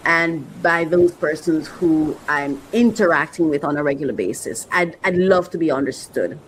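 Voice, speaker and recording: A woman's voice: fairly low pitch, slight background noise, rough recording. A woman host speaking earnestly in a reflective faith-based monologue, repeating phrases for emphasis. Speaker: host reacting to clips.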